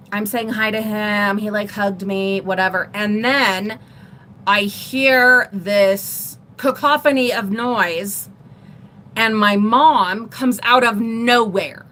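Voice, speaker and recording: A middle-aged woman vlogger telling a personal story in a rambling, animated way on a casual livestream. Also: medium pitch, slight background noise. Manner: rambling, animated retelling with laughs.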